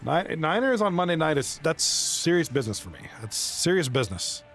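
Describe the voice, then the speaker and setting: Male live streamer, chatty and excitable, slightly raised pitch. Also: fairly quick, soft background music. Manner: rambling, excitable, chats with viewers. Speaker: live streamer and league commentator. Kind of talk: casual live-stream chat.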